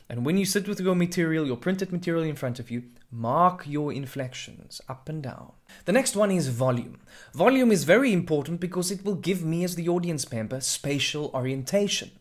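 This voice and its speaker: A man who mentors and judges drama gives a scripted how-to on readying a performance, voicing examples of pitch, pauses and loudness. He sounds clear and notably expressive throughout.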